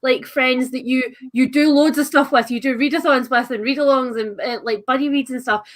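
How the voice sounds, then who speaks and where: A woman with a Suffolk accent hosting a casual livestream chat, chatty and quick to laugh, with lots of "like" in her speech. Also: sits high, fairly even intonation. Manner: chatty, laughs often, uses "like" a lot. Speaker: livestream host.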